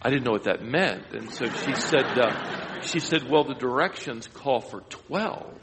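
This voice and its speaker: A man's voice: medium pitch, lively intonation, unhurried, a crowd in the background, background noise. Storytelling man in a reverberant hall. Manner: rambling anecdotal storytelling with self-deprecating humor. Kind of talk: storytelling sermon.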